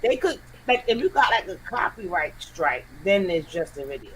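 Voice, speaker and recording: A guest content creator in a casual livestream chat, talking emphatically and complaining in quick bursts. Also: medium pitch, very animated, a bit bright, slight background noise, poor audio.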